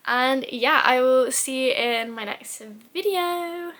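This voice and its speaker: A woman's voice: high voice, slow pace. A young woman chatting casually about books as a vlogger, full of fillers and giggles. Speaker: book vlogger. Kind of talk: casual book review chat.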